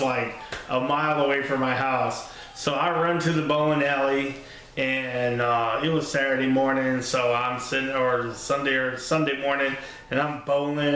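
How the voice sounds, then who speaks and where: A man's voice: medium pitch, a bit bright. A man telling a funny story from his life in a casual, rambling way, laughing often and swearing freely. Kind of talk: casual spoken anecdote. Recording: very echoey room.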